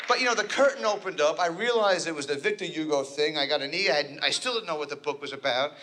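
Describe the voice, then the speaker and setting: A man's voice: high voice, noisy background. A man from New Jersey doing a neurotic, rambling, self-deprecating stand-up routine on stage. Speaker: stand-up comedian. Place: stage before a live audience.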